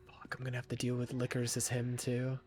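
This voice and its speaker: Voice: mid-range voice, completely flat delivery, brisk. A game streamer giving live commentary in a mid-range voice, swearing freely and complaining dramatically. Laughs break in often. Faint noise sits behind.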